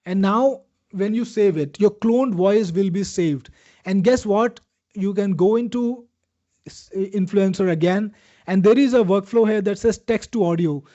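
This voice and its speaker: Indian-accented male webinar host, salesy and chatty, higher mellow voice, lo-fi sound. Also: a little slow. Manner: chatty salesman, answers viewers by name. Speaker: webinar host demoing software. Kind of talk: live webinar product demo. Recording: dull lo-fi webinar audio.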